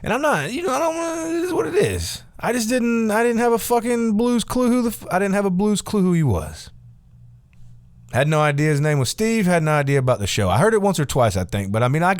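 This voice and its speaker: A man's voice: fairly high pitch, no echo, clean studio sound. A man in his forties ranting casually to camera, rambling, sarcastic and profane. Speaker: vlogger.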